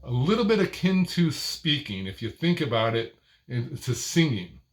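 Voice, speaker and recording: An older man, a speaking coach, gives an instructional talk to camera about speech technique. He uses short, deliberate phrases, stressing a word near the end of each. His medium-pitched delivery is expressive and almost sing-song.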